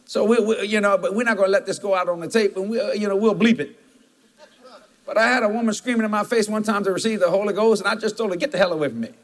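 A man's voice: high voice, fairly even intonation, quick pace. A man preaching a sermon as pastor, telling folksy stories with emphatic asides.

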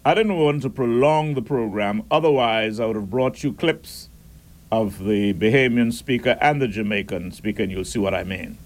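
A man hosting a radio talk show, reading listener messages and giving firm, measured opinions. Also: on the low side. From Caribbean.

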